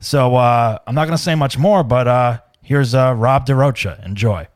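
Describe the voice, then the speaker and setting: A man's voice: mid-range voice, normal speed, no echo, studio quality. A man hosting a comedy podcast in casual, rambling, joking chat with many fillers. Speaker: podcast host. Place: home studio.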